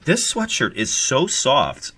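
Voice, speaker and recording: A man's voice: medium pitch, wildly swooping pitch, slow, bright, forceful tone, slightly rough, no echo. Rambling, swearing man, late 30s. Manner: rambling, profane, jokey. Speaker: guest co-host. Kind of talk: casual podcast chat.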